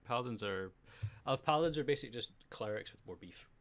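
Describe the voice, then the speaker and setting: A man's voice: medium pitch, lively intonation, fairly bright tone. Laid-back Scottish man hosting. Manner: easygoing, laughs along, halting restarts. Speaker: podcast host. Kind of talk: casual podcast interview.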